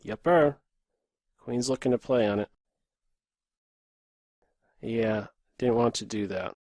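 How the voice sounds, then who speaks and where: Streamer, man in his thirties, from Pennsylvania, USA: slow clipped play-by-play, half to himself, dry close mic. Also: medium pitch, a little mellow, no room sound. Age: 30s. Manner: muttering running commentary, terse half-sentences to himself. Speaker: chess streamer. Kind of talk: live commentary while playing bullet chess.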